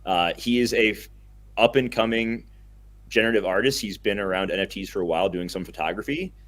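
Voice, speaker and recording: Laid-back low-voiced young guy. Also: a little fast, fairly bright tone. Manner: enthusiastic, rambling, laughs easily. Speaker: podcast co-host. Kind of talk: casual podcast chat.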